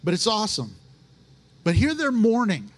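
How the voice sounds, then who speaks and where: A man preaching a sermon as pastor, folksy and animated, slipping into little acted asides. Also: sits high, moderate pace.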